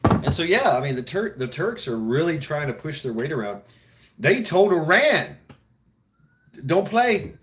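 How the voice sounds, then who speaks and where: A man's voice: fairly high pitch, sing-song, moderate pace, fairly bright tone, slight background noise. Man, casual talk, rambling, profane, chuckling, frequent restarts. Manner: mimics others in mock voices. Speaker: show host. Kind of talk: casual chat.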